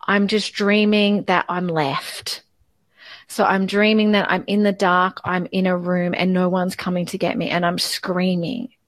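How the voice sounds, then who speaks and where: A woman in her forties, a guest in a personal interview, speaking haltingly and repeating words as she opens up. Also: lowish voice, little pitch movement, no room sound. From Australia.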